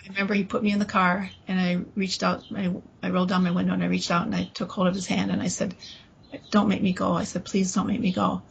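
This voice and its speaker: A woman in an interview tells a personal story in a halting way, restarting phrases and quoting the people involved. Her voice is gravelly and sits fairly low, with little rise and fall. Faint noise hums under the recording. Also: flat delivery, dull audio. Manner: halting, with restarts and quoted dialogue. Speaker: guest recounting an experience.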